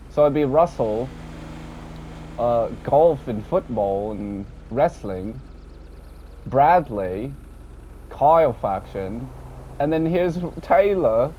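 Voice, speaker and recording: A man rambling casually about an online game session, swearing often and tacking on a low, dropped "mate". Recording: dull lo-fi audio with faint background noise.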